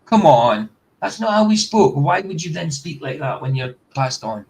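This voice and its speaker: A man's voice: fairly high pitch, big pitch swings, moderate pace, creaky, a little mellow, low-quality recording. A man hosting a casual reaction stream, bluntly skeptical and firing off rhetorical questions. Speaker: host.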